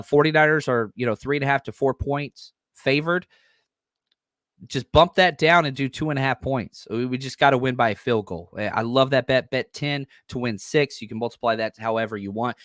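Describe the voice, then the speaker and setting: A man with a middle-pitched voice hosts a casual sports podcast, excitable and loose, full of ums and uhs. He is recorded close and dry, with no room sound. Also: no echo. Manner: enthusiastic, excitable, loose with fillers. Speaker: podcast host.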